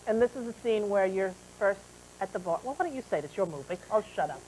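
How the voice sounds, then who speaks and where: A woman's voice: medium pitch, lively intonation, fast, a little mellow, a little hiss or hum, rough recording. Chatty, effusive female talk show host.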